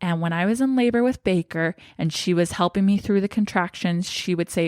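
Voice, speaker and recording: A woman's voice: lowish voice, fairly quick, darkish tone, no echo, studio quality. Young woman telling a personal story. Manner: emotional, shaky and tearful at times. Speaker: vlogger.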